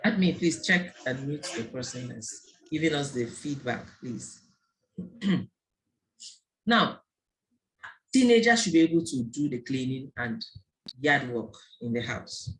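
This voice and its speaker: A woman's voice: a bass voice, unhurried, long pauses. A woman giving an online talk to parents, telling stories and acting out the voices of the people in them. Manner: lively storytelling, acting out quoted voices. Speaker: parenting speaker. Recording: faint background noise and clicks.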